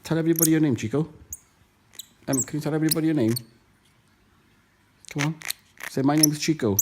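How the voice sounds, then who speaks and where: A man's voice: fairly high pitch, a little fast. A man filming his pet monkey at home, coaxing it in a sing-song voice between casual asides to viewers. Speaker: pet vlogger. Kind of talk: casual pet video narration. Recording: echoey room with noticeable noise.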